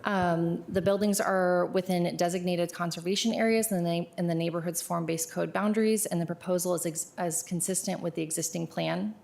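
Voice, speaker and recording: A woman on county planning staff giving a formal briefing to a board. She is steady and businesslike, with frequent "um" fillers. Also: lowish voice, creaky. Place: public meeting chamber.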